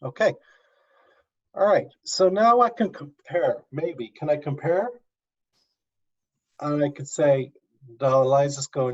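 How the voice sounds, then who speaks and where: A man's voice: fairly high pitch, animated, a little slow, long pauses. A male university professor teaching an online class, coaxing students step by step over a video call. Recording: dull lo-fi video call audio.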